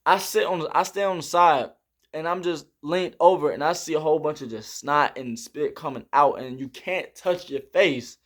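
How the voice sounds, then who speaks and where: A young man with tells a story in a casual vlog. His voice sits a little high for a man. He talks in an animated way, acts out shouted quotes and fills his speech with "like" and "bro". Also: moderate pace. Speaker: vlogger recounting army basic training.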